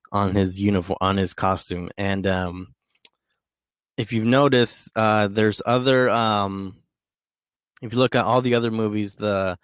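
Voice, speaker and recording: A man's voice: lowish voice, clean tone, no room sound, studio quality. A man hosting a podcast alone, talking casually in a rambling way with many fillers and restarts. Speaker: podcast host. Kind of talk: casual solo monologue.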